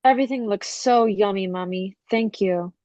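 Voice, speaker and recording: A woman's voice: medium pitch, normal speed, dark tone, dry recording, muffled recording, close to an everyday voice. An earnest teenage girl, played by a woman, talking with her parents in a plain, everyday mid-range voice. The sound is dry and close to the mic.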